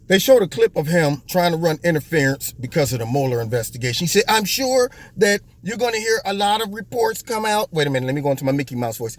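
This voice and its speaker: High-pitched, animated male commentator. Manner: animated, mocking, acts out voices. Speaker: host. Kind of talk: political commentary monologue.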